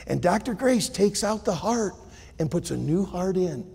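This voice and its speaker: A male pastor preaching a sermon, telling a story and swinging between hushed and loud delivery. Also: high voice, lively intonation, moderate pace, creaky, slightly rough, big-room sound.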